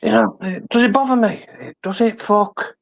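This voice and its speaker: A man's voice: high voice, steady tone, normal speed, vocal fry. A man on a live panel, swearing, laughing and stumbling over his words in casual banter.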